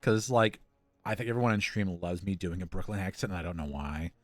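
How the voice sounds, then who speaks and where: A man's voice: sits low, fairly quick, no echo. A man co-hosting a coding livestream, chatting casually, joking and guiding his partner through the code. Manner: encouraging, joking, guides the coder. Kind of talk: casual chat while coding.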